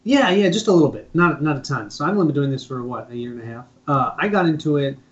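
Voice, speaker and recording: A man's voice: a little high, lively intonation, fast talker. A man with a Minnesotan accent, a board game channel host chatting casually on a live stream and laughing often. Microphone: phone earlier, now mic. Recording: dull lo-fi stream audio.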